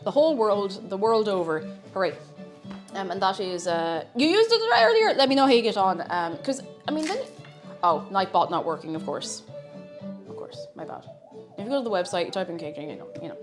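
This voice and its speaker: A woman streaming live, chatting casually in a scattered, playful way that breaks into sing-song and shouting. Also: mid-range voice, lively intonation, a little fast, soft background music.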